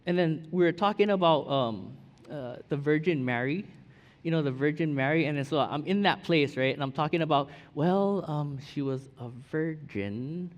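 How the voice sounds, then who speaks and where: A male pastor in his thirties preaches in a relaxed, rambling storyteller's way, stumbling over his words now and then. His voice sits a little high for a man and carries a long reverb off the hall walls. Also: fairly quick, dull audio. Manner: casual, storytelling with many fillers and restarts. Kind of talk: sermon. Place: church sanctuary.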